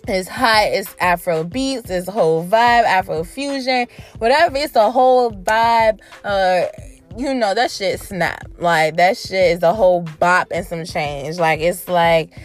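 A woman's voice: mid-range voice, a little slow, soft background music. Brash, profane woman podcast host. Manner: brash, profane and animated, talking straight to listeners. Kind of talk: casual solo podcast chat.

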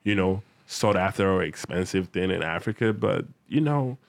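A young man from Nigeria chatting casually as co-host, lively and playful. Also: sits low, moderate pace, gravelly. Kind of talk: casual chat.

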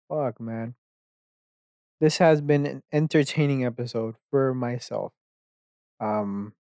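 A man's voice: mid-range voice, darkish tone, clear, resonant tone, dry recording, clean studio sound. A young man hosting his own podcast, rambling through a profane, self-mocking solo rant with lots of restarts. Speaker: podcast host.

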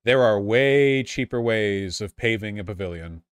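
A man streaming live, chatting casually and excitably with his viewers, swearing freely. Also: lowish voice, measured pace, smooth, no echo.

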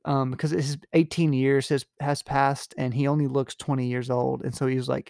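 A man's voice: mid-range voice, little pitch movement, normal speed, vocal fry, few pauses, a little mellow, no room sound, studio quality. A young man hosting a podcast, casually recapping a novel in a rambling, amused way with lots of fillers. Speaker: podcast host. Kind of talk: casual book recap with readings.

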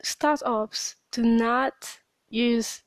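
A woman's voice: fairly high pitch, steady tone, drawn-out words, no echo. A woman hosting a personal diary podcast, upset and worn out from crying, venting in broken, restarting sentences. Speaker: podcast host and small business owner.

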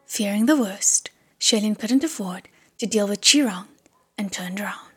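A woman reading an audiobook in a hushed, measured whisper. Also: medium pitch, slightly rough, faint music behind. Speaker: audiobook narrator.

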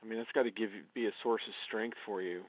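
A man's voice: fairly low pitch, steady tone, fast talker, dry recording. A man hosting an interview who chats casually and responds briefly and encouragingly. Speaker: podcast host. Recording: dry, phone-like narrow band.

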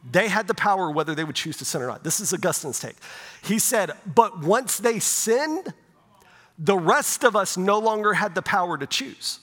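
A man's voice: high voice, lively intonation, normal speed, a bit bright. A middle-aged male pastor preaching a sermon in a conversational way, often checking in with "right?". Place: church sanctuary. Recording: long church reverb.

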